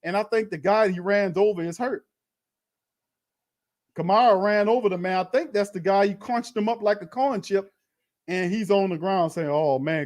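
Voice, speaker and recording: A man hosting a fan watch party, calling plays in a slangy, animated way and talking to his chat. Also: sits high. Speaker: fan host doing live play-by-play. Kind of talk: excited watch-party commentary.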